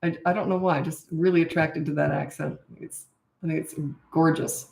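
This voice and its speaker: A woman's voice: deep voice, fairly even intonation, normal speed, gravelly, a little mellow. A middle-aged woman hosting a casual live Q&A as a parenting coach. She reads out viewer questions and answers them frankly and chattily into a camera mic. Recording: roomy echo.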